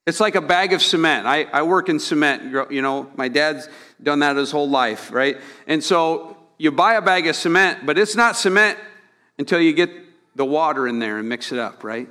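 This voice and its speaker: A man's voice: on the high side, expressive, normal speed, pushed and bright. Male pastor preaching in a reverberant hall. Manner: conversational preaching with repeated words and rhetorical questions. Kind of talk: sermon.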